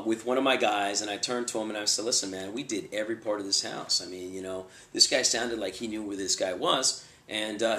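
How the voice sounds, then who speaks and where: A man's voice: fairly low pitch, echoey room. A man telling a casual anecdote about tracking down a fugitive, acting out the voices in the quotes. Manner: animated, acts out voices in quotes. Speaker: bail enforcement agent.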